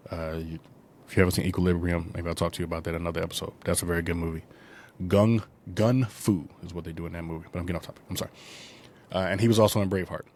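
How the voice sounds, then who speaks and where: A man with a low, slightly mellow voice hosts a laid-back movie review podcast. He wanders through a plot recap packed with fillers and side comments, slipping into quick character voices along the way.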